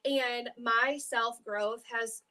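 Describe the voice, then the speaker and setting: A woman's voice: fairly high pitch, fairly even intonation, extremely slow, pushed and bright, clear, resonant tone. A woman chatting casually on a live stream, rambling with many fillers. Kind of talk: casual chat.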